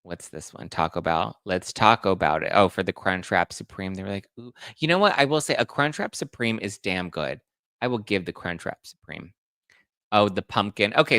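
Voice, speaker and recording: A man's voice: low-pitched, fairly bright tone, no room sound, studio quality. A man hosting celebrity gossip commentary, chatting to viewers in a gossipy way while he reacts to photos. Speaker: host.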